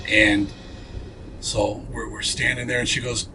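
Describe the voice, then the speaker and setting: Guy telling a spooky story in an interview, average pitch, lots of ums and restarts, faint music behind. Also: flat delivery, a little slow, low-quality recording. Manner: earnest storyteller, frequent fillers and restarts. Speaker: paranormal investigator, interview guest.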